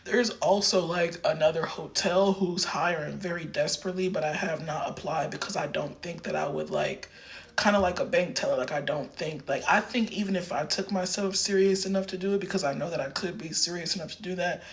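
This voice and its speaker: A man's voice: fairly high pitch, a little fast. A man rambling in a casual livestream rant, filling his talk with lots of filler words.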